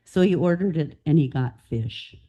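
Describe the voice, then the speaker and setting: A woman telling funny restaurant anecdotes to a club meeting in a lively, playful way. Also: low voice, moderate pace, highs cut off. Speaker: club member.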